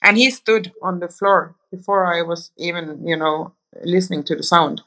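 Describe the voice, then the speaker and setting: A woman's voice: fairly low pitch, steady tone, normal speed, bright, forceful tone. A woman interview guest, telling long anecdotes in a loose conversational way, with many restarts. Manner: rambling, anecdotal, frequent restarts. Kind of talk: conversational storytelling.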